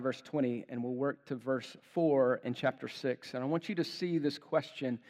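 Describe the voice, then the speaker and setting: Emphatic male pastor in a reverberant church. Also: fairly high pitch. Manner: emphatic preaching, builds to forceful rhetorical questions. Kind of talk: sermon. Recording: long hall reverb.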